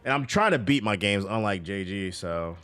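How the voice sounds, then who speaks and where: A man's voice: on the low side, normal speed, music in the background. A man streaming a game, chatting casually and profanely with his chat while he plays. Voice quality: profane, loose and animated.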